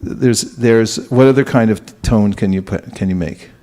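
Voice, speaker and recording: A man's voice: fairly low pitch, measured pace, dark tone. A man giving a spiritual lecture to a live audience, talking conversationally and often putting questions to the listeners. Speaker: spiritual teacher.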